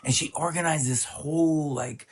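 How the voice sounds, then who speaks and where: A man co-hosting a podcast, telling a long, animated story in casual chat. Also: a little high, moderate pace, breathy edge. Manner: animated storyteller who breaks into laughter. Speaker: podcast co-host.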